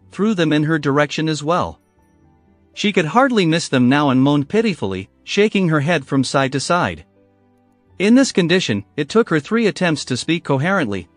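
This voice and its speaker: A man's voice: a little high, no room sound. A man narrating a first-person revenge story in a bitter, controlled way. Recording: dry voice with faint music behind.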